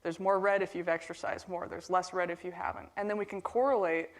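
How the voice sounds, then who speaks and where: A woman's voice: fairly low pitch, steady tone, a little fast. A woman in her thirties from Portland, Oregon, giving a casual, chatty conference keynote with plenty of fillers. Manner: casual and chatty, with frequent fillers and a few laughs. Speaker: keynote speaker. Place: conference hall stage.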